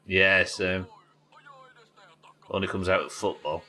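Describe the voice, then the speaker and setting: A man's voice: sits low, steady tone, slow, pushed and bright. A man chatting casually while streaming a game, rambling and talking to his viewers. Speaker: live streamer. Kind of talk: casual gaming commentary.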